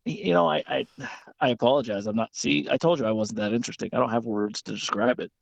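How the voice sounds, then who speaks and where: A man's voice: medium pitch, fast, creaky, no echo. A man in his thirties from West Virginia, a podcast guest chatting casually, hesitant and self-deprecating. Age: 30s. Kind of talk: casual chat.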